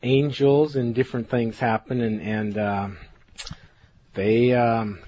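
A male co-host in casual chat, chatty and quick to laugh. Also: mid-range voice, steady tone, dark tone, slightly rough. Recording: dull.

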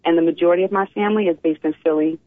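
A woman's voice: lowish voice, racing, dry recording. Woman telling her story over a phone line. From Philadelphia, USA. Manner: animated storytelling, often starts with "you know what". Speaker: guest. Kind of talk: casual interview.

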